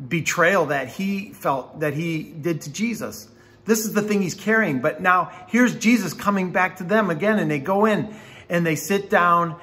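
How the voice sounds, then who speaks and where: A man, a campus pastor, giving a devotional Bible teaching in a conversational, animated storytelling way. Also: on the high side.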